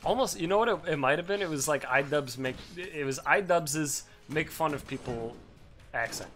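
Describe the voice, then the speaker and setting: Young male let's-play host with a bright, slightly high voice, rambling and profane, faint game music underneath. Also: normal speed. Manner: rambling, swears freely, excitable bursts. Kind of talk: casual gameplay commentary.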